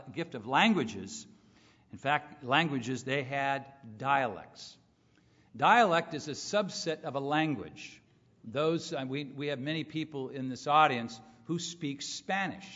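A man delivering a sermon, explaining scripture to his congregation in an earnest, emphatic teaching voice. His voice sits slightly high. The sound is muffled and carries a long hall reverb. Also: fairly bright tone. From California. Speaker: pastor.

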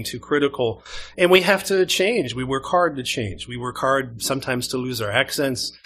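A Canadian man delivering a sermon in a church, talking with his listeners more than at them. His voice has a bright, forward edge, sitting at an ordinary pitch for a man. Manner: conversational preaching, asks the congregation questions. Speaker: pastor.

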